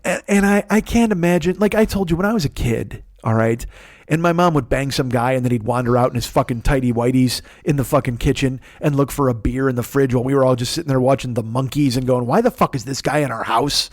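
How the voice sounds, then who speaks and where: Speaking quickly in a mid-range, slightly mellow voice, a forties-aged podcaster delivers a solo comedic story that wanders, swears, and mocks himself. His close microphone picks up no room sound.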